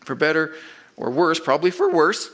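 A man preaching a sermon, emphatic, building to loud repeated stresses and then dropping low and quiet. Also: expressive, moderate pace.

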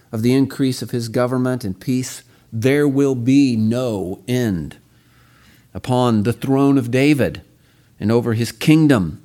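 Man preaching a measured sermon. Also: mid-range voice, darkish tone. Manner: measured, emphatic scripture reading with slowed key phrases. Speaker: pastor. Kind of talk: sermon with scripture reading.

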